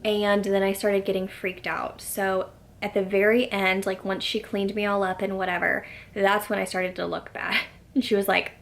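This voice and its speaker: Chatting casually to camera, a young woman vlogger relates a personal story, peppering it with "like" and slipping into a whisper when she quotes herself. She has a medium-pitched, gravelly voice with a flat delivery at normal speed.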